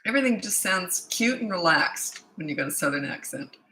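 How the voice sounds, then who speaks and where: A woman's voice: lowish voice, lively intonation, a little fast, sharp tone, roomy sound, a little hiss or hum, low-quality recording. A woman, a parenting coach, chatting through a casual live-stream Q&A with lots of ums; she sounds tired. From Canada. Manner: chatty, rambling, many ums.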